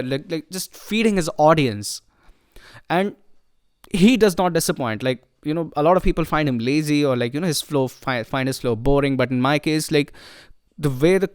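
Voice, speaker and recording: A music reviewer with a fairly high, clear and resonant voice talks through albums in a casual, enthusiastic way. He speaks loosely, leaning heavily on fillers like "you know" and "like." The recording is studio quality with no echo.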